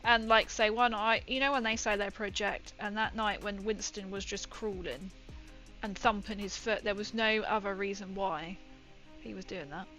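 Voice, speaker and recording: Faint music sits under poor audio as a young woman streams her miniature painting. She speaks at a moderate pace in a mid-range, slightly bright voice with fairly even intonation, chatting casually through a meandering, filler-heavy story.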